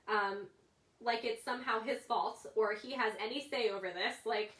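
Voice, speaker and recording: A woman's voice: a little high, moderate pace, fairly bright tone. Chatty woman teaching in an echoey room. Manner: chatty, many fillers and asides. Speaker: Bible study teacher. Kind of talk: casual Bible study talk.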